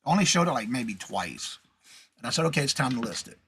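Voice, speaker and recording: A man's voice: medium pitch, big pitch swings, brisk, vocal fry, a bit bright, slightly rough. A man hosting a casual live reseller show, chatting, reading viewer comments aloud and greeting viewers by name. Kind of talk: casual live-stream chat.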